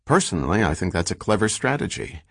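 A man's voice: low voice, sing-song, fast talker, fairly bright tone, dry recording, clean studio sound, exaggerated voice. A man playing an earnest, wry male scholar who gets insistent and exasperated, read in an audiobook. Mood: scheming.

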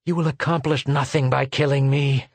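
A man's voice: lively intonation, takes it slowly, husky, dry recording. A man reading aloud, voicing a bitter, cornered male secretary who speaks shrilly. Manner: shrill, bitter, passion-choked.

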